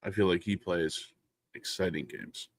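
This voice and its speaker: A man hosts a casual podcast, joking around, laughing often and swearing freely, with loud bursts and laughter breaking into relaxed talk. His voice is low-pitched and unhurried, in a dry, studio-quality recording.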